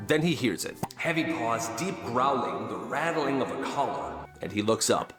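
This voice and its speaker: A man's voice: medium pitch, moderate pace, few pauses, faint music behind. A man narrating short viral stories in a casual, slangy storytelling voice-over. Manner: animated, slangy.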